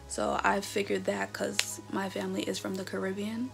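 A chatty woman in her twenties talks through her results in a casual vlog, reacting as she reads them out. Her voice has a gravelly, fry-tinged edge. Music plays clearly beneath her. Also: medium pitch, moderate pace. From North America. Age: 20s. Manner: chatty, animated, reading results aloud with reactions. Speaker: vlogger. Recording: background music under the voice.

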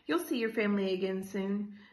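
A woman's voice: mid-range voice, a little fast, roomy sound, natural voice. A woman voicing a caring young girl who speaks soothingly in a storybook read-aloud. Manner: soothing, gentle.

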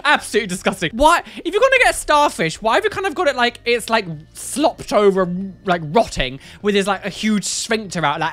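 A woman's voice: mid-range voice, very animated, unhurried, fairly bright tone, faint music behind. A woman doing casual reaction commentary as a YouTuber, exclaiming and laughing with slangy asides. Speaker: YouTuber reacting to tattoo photos.

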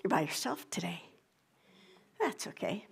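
A woman's voice: fairly low pitch, sing-song, unhurried, gravelly, breathy edge. A woman pastor in a church sanctuary, leading a prayer and giving a playful, coaxing children's sermon.

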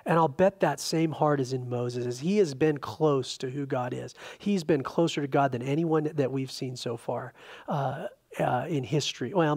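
A man pastor preaching a conversational Bible-study sermon, animated, with frequent restarts and filler words. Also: medium pitch, husky. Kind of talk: expository sermon. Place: church sanctuary.

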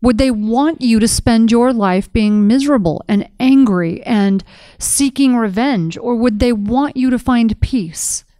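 A woman's voice: fairly high pitch, measured pace, dark tone, no echo. A middle-aged woman co-hosting a podcast in casual conversation, telling stories with animation and acting out quoted dialogue. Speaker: podcast co-host.

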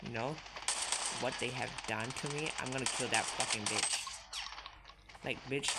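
A young man giving casual commentary while playing a mobile shooter, jumpy and constantly swearing, yelping when startled. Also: normal speed. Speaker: mobile shooter game streamer. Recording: noisy low-quality audio with loud hiss.

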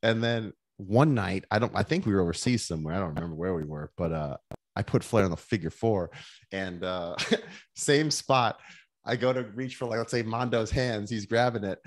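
This middle-aged man, once a wrestler, swaps loose stories on a podcast and keeps starting over mid-thought. He speaks at a moderate pace in a lowish voice.

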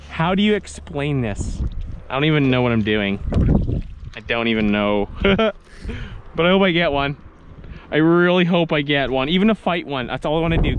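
A man's voice: on the high side, muffled recording, background noise. A man vlogging from a boat on the water while fishing, giggling and exclaiming often. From Saskatchewan, Canada. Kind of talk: excited outdoor vlog commentary.

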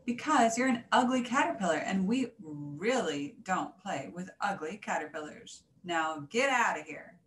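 A woman's voice: a little high, lively intonation, normal speed, few pauses, voice pushed up, close to an everyday voice. A woman voicing a group of snobbish tiny mice, curt and dismissive, in an echoey room. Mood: rude. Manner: curt, later pleading.

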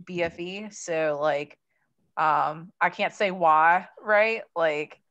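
A woman's voice: on the low side, slow, a bit bright, dull audio. A woman from Maryland, rambling casually with many fillers on a video call. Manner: rambling, hesitant, lots of fillers. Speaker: coaching call participant.

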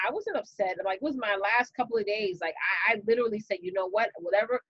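A woman with a New York accent, hosting a casual live stream and telling a story to her viewers in a lively, chatty way, calling them y'all. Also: medium pitch, quick pace, no echo, dull audio. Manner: animated, chatty, talks straight to viewers with y'all and you know. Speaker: business coach and live-stream host.

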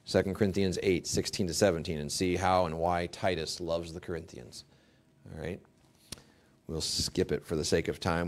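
A deep-voiced male pastor preaches with emphasis, rising to forceful peaks. Along the way he performs quoted prayers as exaggerated, mock pleas.

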